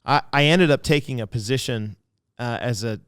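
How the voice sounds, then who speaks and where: A man who is a pastor, speaking as a guest in a casual interview and telling stories in an animated way with frequent restarts. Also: medium pitch, normal speed, clear, resonant tone, no echo, clean studio sound.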